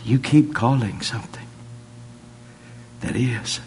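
A preacher with a low, unhurried drawl, spinning folksy yarns before building to fervent declarations. He takes his time over every phrase, a faint hum lingering beneath the voice. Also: fairly even intonation, gravelly. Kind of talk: sermon with folksy storytelling.

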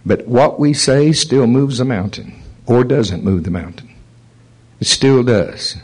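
A man preaching a sermon, telling stories in an animated way and chuckling at them. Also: mid-range voice, takes it slowly, husky, poor audio. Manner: animated storytelling, chuckles at his own stories. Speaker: pastor.

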